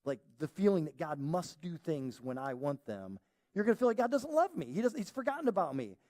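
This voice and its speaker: A man's voice: on the high side, big pitch swings, brisk, dark tone. A male pastor preaching a conversational sermon, acting out quoted voices as he goes. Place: church auditorium.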